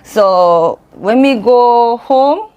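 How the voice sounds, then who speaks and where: A woman answering interview questions in halting, non-native English. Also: a little high, lively intonation, a little mellow, lo-fi sound, slight background noise.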